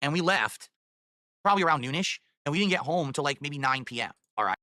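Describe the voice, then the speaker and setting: A man's voice: a little high, animated, fast, sharp tone, no room sound, clean studio sound. A man talking on his livestream, defensive and insistent. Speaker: streamer and pet owner.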